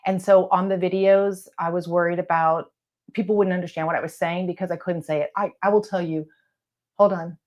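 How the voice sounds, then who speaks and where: A woman talking casually to camera from her office as a coach, blunt and encouraging, with some letters not said crisply. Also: lowish voice, steady tone, brisk, darkish tone, highs cut off. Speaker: real estate video coach. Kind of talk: casual advice talk to camera. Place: home office lit by lamps.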